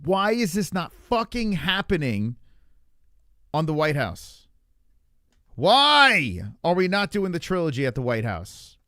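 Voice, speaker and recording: A man's voice: a little high, huge pitch swings, slow pace, sharp tone, no room sound, clean studio sound. A young man streaming live, ranting loosely about fights with lots of swearing and reacting to chat. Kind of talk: livestream fight talk.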